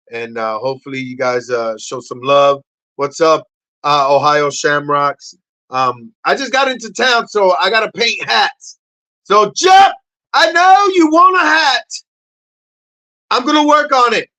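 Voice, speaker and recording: A middle-aged man hosting a casual livestream. He shouts greetings and shout-outs to viewers, then drops into low, quiet asides. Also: no echo, rough recording. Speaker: livestream host.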